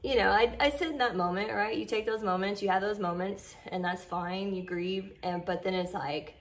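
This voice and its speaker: A woman's voice: mid-range voice, fairly even intonation, moderate pace, few pauses. Chatty woman talking to camera. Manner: chatty, heartfelt, lots of fillers like "like" and "you know". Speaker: vlogger. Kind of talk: casual gratitude vlog.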